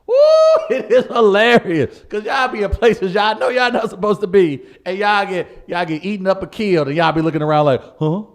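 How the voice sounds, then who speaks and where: A man's voice: high voice, a little fast, few pauses. A man co-hosting a comedic podcast, ranting with big energy and frequent laughter. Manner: animated, ranting, laughs often. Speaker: podcast co-host.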